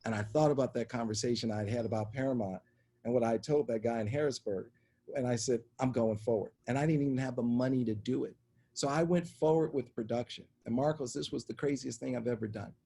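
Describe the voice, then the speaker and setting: Husky-voiced man telling stories animatedly. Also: mid-range voice, a little fast. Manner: animated anecdotal storytelling, acts out voices in quotes. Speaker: interview guest, media executive. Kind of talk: storytelling in conversation.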